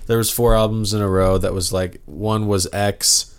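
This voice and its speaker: A man's voice: lowish voice, steady tone, moderate pace, clean tone. A young man co-hosting a podcast, chatting casually and joking around. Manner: joking, breaks into song lines. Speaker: podcast co-host. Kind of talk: casual chat.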